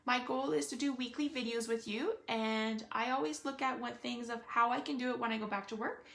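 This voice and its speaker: A woman's voice: a little high, brisk, vocal fry, fairly bright tone. A woman giving a casual live card-making demonstration, chatting and thinking aloud with frequent fillers. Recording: echoey room.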